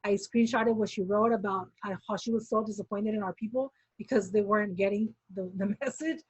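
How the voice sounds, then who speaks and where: A woman's voice: mid-range voice, fairly even intonation, fairly quick, a little mellow, slightly rough, dry recording. A woman casually telling her story as a former movement member, acting out quoted dialogue with many "like" fillers. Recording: dull, dry sound.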